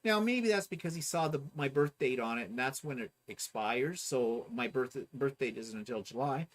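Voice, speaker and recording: A man's voice: medium pitch, lively intonation, moderate pace. A man co-hosting a casual chat, animatedly telling a story and mimicking other people. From Ontario, Canada. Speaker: co-host.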